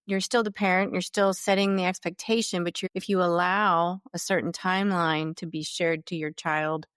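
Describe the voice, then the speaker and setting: A woman's voice: fairly low pitch, steady tone, moderate pace, fairly bright tone, clear, resonant tone, no echo, studio quality. A woman hosting a casual interview, summing up what her guest said. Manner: affirming, summarizing. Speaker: podcast host.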